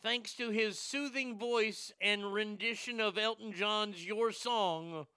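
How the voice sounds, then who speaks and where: A man's voice: high voice, steady tone, slow, smooth, no echo, studio quality. Ranting foul-mouthed male host. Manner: crude, ranting, loud bursts. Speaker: show host. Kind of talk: profane casual commentary.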